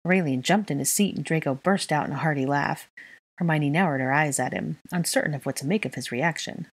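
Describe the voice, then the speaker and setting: A woman narrating a fan fiction story aloud in a steady, even reading. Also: deep voice, a little fast, slightly rough. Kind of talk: audiobook narration.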